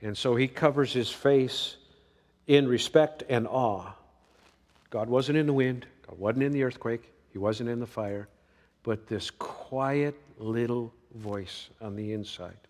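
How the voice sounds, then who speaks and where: A man preaching a sermon, swinging between emphatic lines and hushed ones. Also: medium pitch, slow pace. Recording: long reverb of a large hall.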